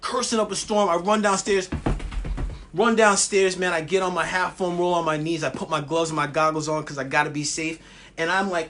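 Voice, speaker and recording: A man vlogging a personal wellness story, passionate and animated, with frequent restarts. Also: a little high.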